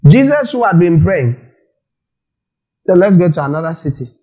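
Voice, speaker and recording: Male pastor, lively preaching, mellow slightly high voice. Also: moderate pace, lo-fi sound. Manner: lively preaching with questions and acted-out quotes. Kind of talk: sermon.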